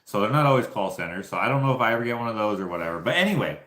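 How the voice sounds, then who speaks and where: A man's voice: on the low side, lively intonation, racing, fairly bright tone. A Canadian man telling casual, rambling stories to his viewers, laughing often. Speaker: YouTuber. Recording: echoey room.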